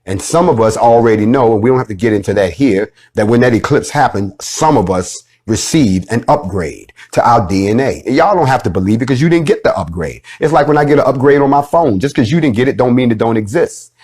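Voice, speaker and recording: Man, husky mid-pitched voice, blunt preachy informal lecture. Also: animated, brisk, hardly any pauses, a little mellow. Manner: preachy, blunt, swears freely. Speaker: speaker addressing followers.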